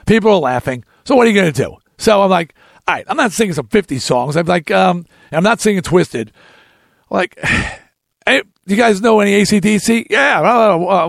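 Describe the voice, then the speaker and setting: A man in his sixties hosting a talk show, telling a long story in an animated, ranting way and acting out other people's lines. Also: high-pitched, normal speed, gravelly, no echo, clean studio sound. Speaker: podcast host telling a story.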